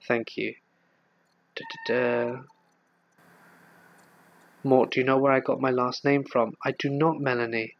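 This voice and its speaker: A man's voice: mid-range voice, little pitch movement, measured pace, pauses often, lo-fi sound, a little hiss or hum. A man, hosting a casual live stream and answering viewer questions in a chatty, hesitant way. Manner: chatty, hesitant, with frequent fillers and restarts. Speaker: horror story narrator and channel host.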